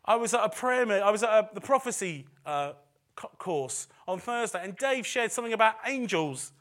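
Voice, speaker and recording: Man, middle-aged, church sermon, bright tense tone, casual self-mocking asides. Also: high voice, expressive, moderate pace. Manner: conversational, with self-deprecating asides; repeats phrases for emphasis. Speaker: preacher. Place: church service.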